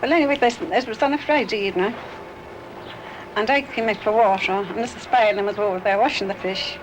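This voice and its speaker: A woman's voice: medium pitch, brisk. An older woman with a Dublin Irish accent, recalling a neighbour in a rambling, chatty way and acting out the dialogue. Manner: chatty, acts out quoted dialogue. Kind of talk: rambling reminiscence. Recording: noisy 1960s archive recording.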